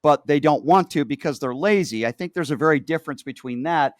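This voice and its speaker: A man's voice: on the high side, fairly quick, dry recording, clean studio sound. Emphatic male talk-show host. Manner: emphatic, repeats key phrases.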